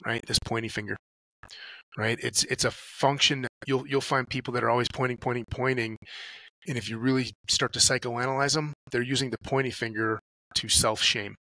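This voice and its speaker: A man's voice: medium pitch, fairly even intonation, a little fast, sharp tone, no echo, rough recording. A man, a podcast guest talking casually and acting out his inner dialogues as he tells stories, swearing freely. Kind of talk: casual conversational talk.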